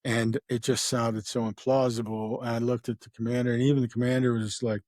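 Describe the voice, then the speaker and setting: A middle-aged man talks through an old case in a loose, rambling way, full of fillers. He slips into the voices of the people he quotes. His voice sits at an ordinary pitch, and the sound is dry and close. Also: level tone, a little fast, a little mellow, dry recording. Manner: rambling, acts out quoted dialogue, many fillers. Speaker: retired homicide detective, guest. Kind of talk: casual true-crime storytelling.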